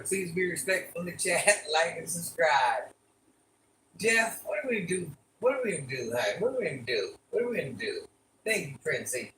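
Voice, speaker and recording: An older woman hosts a casual live stream, chatting with viewers and repeatedly asking them to like and subscribe. Her voice is lowish and fairly bright. She sounds far off in an echoey room, with a little hiss or hum.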